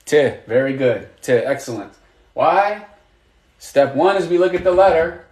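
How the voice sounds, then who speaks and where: A man teaches a live online lesson in a patient, encouraging way, asking questions and praising each answer. His voice sits a little high for a man. The room around him has a noticeable echo. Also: animated, unhurried, a little mellow. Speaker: Arabic teacher.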